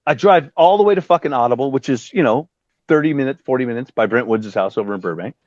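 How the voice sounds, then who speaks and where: A man in his fifties talks fast with no room sound, a guest musician telling a story in a casual interview. Animated and frequently swearing, he acts out what others said using big pitch jumps; the audio is dry, dull lo-fi.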